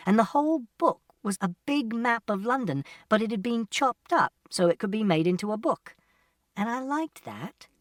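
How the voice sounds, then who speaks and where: A man narrates an audiobook in the first person, laying out events plainly and literally, one step after another. His pitch rises and falls in a lively way. The recording is dry and picks him up from a slight distance. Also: dry recording. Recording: distant mic, dry sound.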